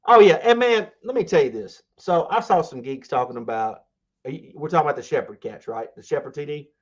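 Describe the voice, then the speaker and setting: A man's voice: on the high side, expressive, fairly quick, dull audio. A man co-hosting a sports podcast in casual chat, rambling and enthusiastic, full of fillers and restarts. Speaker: podcast co-host.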